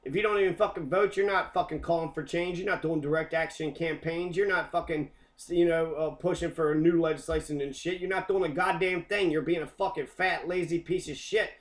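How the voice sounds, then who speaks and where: A man's voice: a little high, steady tone, a little fast, few pauses. A man teaching a history lesson as an angry, profane rant, swearing constantly.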